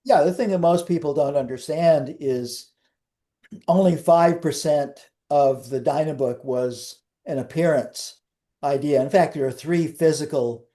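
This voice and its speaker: A man's voice: a little high, unhurried, warm tone. An older man, a guest in an interview, telling wry, rambling anecdotes with frequent restarts.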